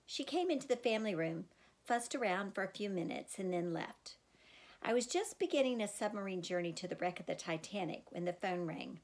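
A woman's voice: mid-range voice, brisk. Woman narrating an audiobook expressively. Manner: expressive, girlish first-person telling. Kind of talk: first-person audiobook narration.

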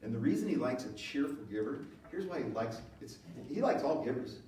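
A male pastor preaching a sermon, moving between loud emphatic lines and low, quiet asides. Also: sing-song, brisk, a little hiss or hum. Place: church sanctuary. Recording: very echoey hall, voice from far off.

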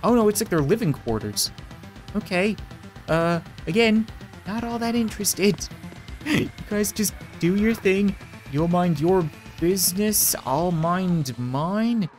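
A man's voice: sits high, expressive, takes it slowly, soft background music. A man giving joking game commentary as a let's-play host, wisecracking and sarcastic as he talks back to the characters on screen.

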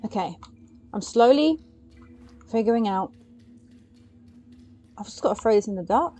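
A woman giving gaming commentary, excitably urging her character on and yelping at scares. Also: fairly high pitch, measured pace. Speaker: let's play gamer.

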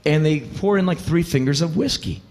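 A man performing a live storytelling monologue on stage, animated and profane, acting out the voices of the people in his stories. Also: a little high, moderate pace. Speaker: spoken word performer. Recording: echoey live hall recording.

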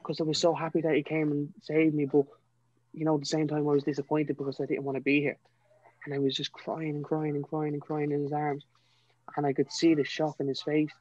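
Earnest young Dublin man, flat-toned storytelling. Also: a little high, a little fast, no echo, muffled recording. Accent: Dublin Irish. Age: young adult. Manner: earnest, emotional, fills talk with "you know". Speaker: podcast guest. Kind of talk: personal storytelling.

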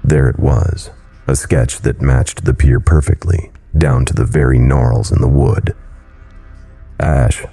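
A man reads a scary story aloud in a very low, gravelly voice. His tone is dark and mellow, husky and breathy, with faint music behind him. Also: fairly even intonation, measured pace. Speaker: horror story narrator. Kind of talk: scripted horror narration.

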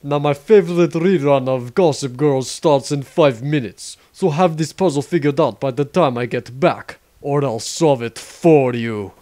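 A man voicing a petty, menacing villain boss in a comedic fan parody, talking low and slow. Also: warm tone, natural voice. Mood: threatening. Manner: low, slow, sneering threats.

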